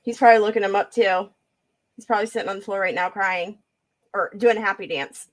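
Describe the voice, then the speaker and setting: A woman's voice: mid-range voice, fairly even intonation, brisk. A woman hosting a casual live-stream auction, chatting with viewers by name while she looks over items and counts down sales.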